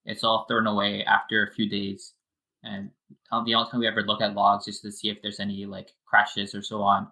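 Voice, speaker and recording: A man's voice: on the low side, monotone, fairly quick, pushed and bright, rough recording. A man, a wallet developer, giving a casual technical explanation step by step with many fillers.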